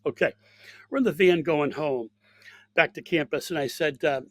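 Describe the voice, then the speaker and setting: A man's voice: on the high side, lively intonation, moderate pace, dry recording. A man who coaches college golf, telling an anecdote in an interview with many fillers and restarts. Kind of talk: storytelling in an interview.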